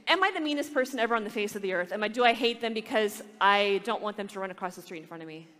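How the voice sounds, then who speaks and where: A religious sister giving a talk, telling stories with animation and acting out the voices of children. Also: female voice, mid-range voice, lively intonation, very fast, fairly bright tone, in a large hall. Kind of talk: storytelling talk to a retreat audience.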